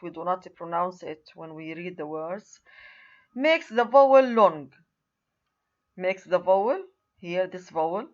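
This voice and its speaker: A woman's voice: fairly low pitch, highs cut off. A woman lecturing on a recorded university writing lesson, who repeats key words and points at examples on screen.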